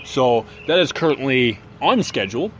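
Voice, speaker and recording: A man co-hosting a casual podcast, talking in a chatty, halting way with many fillers and restarts. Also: medium pitch, sing-song, noisy background. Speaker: podcast co-host. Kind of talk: casual chat.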